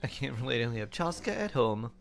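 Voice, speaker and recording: A man's voice: medium pitch, big pitch swings, fast, creaky. A man streaming a game, chatting casually, laughing often and reading his chat aloud. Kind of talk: casual gameplay commentary. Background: faint game music.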